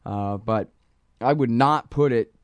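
A man's voice: medium pitch, takes it slowly, clean tone, dry recording. A man hosting a news commentary show, reading quotes and riffing casually with lots of fillers. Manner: casual, rambling, many fillers; reads quotes aloud.

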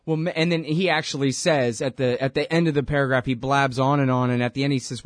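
Male radio host, mid-pitched, ranting with sarcasm, dry close sound. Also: steady tone, quick pace, few pauses, no room sound. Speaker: radio talk show host. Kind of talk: talk radio interview.

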